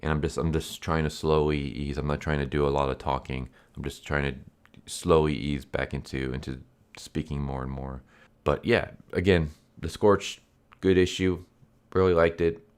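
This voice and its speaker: Very deep-voiced congested man. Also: steady tone, moderate pace, clear, resonant tone. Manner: rambling, easygoing. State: congested, sore throat. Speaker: comic book reviewer. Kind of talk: casual comic review.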